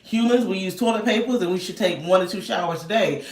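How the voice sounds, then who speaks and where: A woman in her thirties telling a story in a loud, animated rant and laughing often. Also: medium pitch, fast talker. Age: 30s. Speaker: vlogger. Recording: roomy echo, distant mic.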